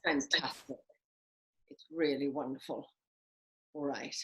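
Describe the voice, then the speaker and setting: A woman's voice: extremely low pitch, steady tone, slow pace, pushed and bright, roomy sound, exaggerated voice. A woman playing a self-important, grandiose theatre dame who hosts a comic master class over a video call. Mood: grand. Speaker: host of a live online master class. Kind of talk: comic character performance.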